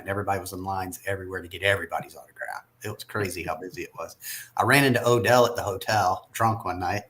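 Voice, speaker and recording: A man with a Southern American accent, chatting casually on a podcast. His voice sits fairly low. He rambles through his stories and chuckles often. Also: fast talker, fairly bright tone. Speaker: podcast guest. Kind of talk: casual chat.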